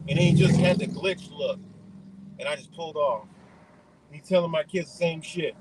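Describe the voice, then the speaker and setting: A man's voice: fairly high pitch, moderate pace, pauses often, noisy background. A man ranting indignantly in a profane, rambling monologue.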